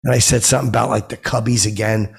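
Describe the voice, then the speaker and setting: Gravelly husky man rambling comically. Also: on the low side, steady tone, quick pace. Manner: stammering, rambling storytelling. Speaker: podcast host. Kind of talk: comedic rambling monologue.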